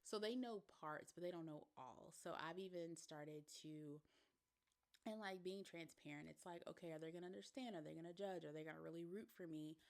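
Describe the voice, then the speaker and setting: A woman's voice: fairly low pitch, a little fast, a little mellow. A young woman hosting a solo podcast, talking casually with lots of "like" and "um" fillers. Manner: chatty, with frequent "like" and "um" fillers. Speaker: podcast host.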